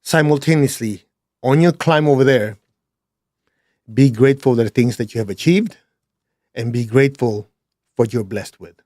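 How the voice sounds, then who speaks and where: A man at an ordinary pitch tells a reflective personal story, dropping low and quiet and then rising into bursts of emphasis. His talk is plain, with blunt asides, and the sound is dry and close, with no room echo. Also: normal speed, long pauses. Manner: animated, swings between hushed and emphatic. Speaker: speaker sharing a personal story.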